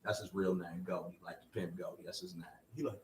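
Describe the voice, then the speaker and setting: A young man co-hosting a podcast, telling stories in a casual, animated way and loudly acting out the people he quotes. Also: deep voice, fast, far from the mic, slight background noise. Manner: animated storyteller, acts out quoted voices loudly. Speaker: podcast co-host. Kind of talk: casual storytelling chat. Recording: roomy sound from away from the mic.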